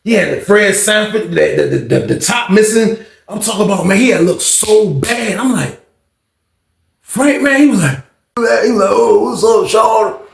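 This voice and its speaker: A man telling a story in a casual, animated, slangy way, often calling out to his listeners. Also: high-pitched, moderate pace, vocal fry. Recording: roomy echo.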